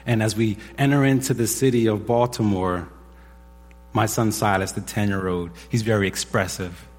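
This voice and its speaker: A man in his forties, a pastor, telling a personal story from the pulpit in a husky voice, animated when he acts out what others said. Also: fairly low pitch, moderate pace. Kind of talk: sermon testimony. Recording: echoey hall with long reverb.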